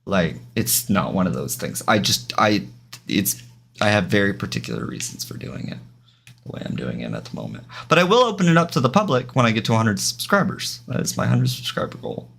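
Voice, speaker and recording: A man with a low, gravelly voice chats loosely to his viewers while he plays, as a live stream host does. His pitch swings widely, and his sentences wander and restart. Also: huge pitch swings, brisk, a bit bright. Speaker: game streamer. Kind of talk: casual live-stream chat while gaming.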